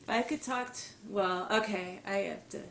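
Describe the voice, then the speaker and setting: A woman's voice: mid-range voice, normal speed, gravelly. A woman guest in a casual interview, speaking earnestly with frequent stuttered repetitions and blocks. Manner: earnest and emotional. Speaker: podcast guest, musician. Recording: echoey room with faint background noise.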